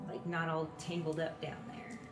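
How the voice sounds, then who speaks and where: A woman in her forties talking candidly, nervous and emotional, with halting speech. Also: sits low, flat delivery. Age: 40s. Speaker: documentary subject. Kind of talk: candid conversation. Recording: background music over the scene.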